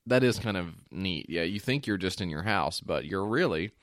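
A man's voice: deep voice, expressive, normal speed, no echo. A man co-hosting a comedy podcast, laid-back, answering with dry wisecracks. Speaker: podcast co-host. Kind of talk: casual comedic chat.

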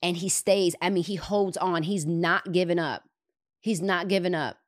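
A woman hosting a podcast, retelling a movie scene in an animated way and repeating words for emphasis. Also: on the low side, moderate pace, no room sound, studio quality. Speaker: podcast host. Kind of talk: retelling a movie in casual chat.

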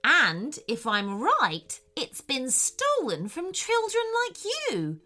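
A woman doing a brisk, confident lady scientist. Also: high voice, huge pitch swings, sharp tone, faint music behind, pitched above the performer's own voice, full character voice. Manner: confident, brisk, sometimes stern. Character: brisk, kind, stern female scientist hero.

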